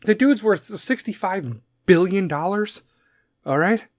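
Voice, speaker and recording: A man with a Chicago accent, ranting loudly about politics on a podcast, profane and rambling, slipping into mocking voices. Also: high voice, animated, unhurried, no echo, clean studio sound. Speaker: podcast host.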